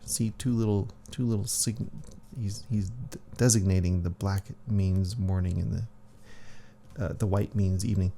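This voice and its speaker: Low gravelly man reading aloud. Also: fairly even intonation. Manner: halting, with restarts and soft asides. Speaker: narrator reading his comic. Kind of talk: casual reading aloud with commentary.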